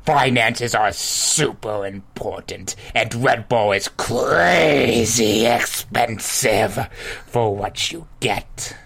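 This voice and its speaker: A man's voice: mid-range voice, drawn-out words, vocal fry, a bit bright, breathy edge. A man with a cold explaining things to friends in a casual group chat, with sarcastic asides. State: sick with a cold. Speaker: co-host giving advice.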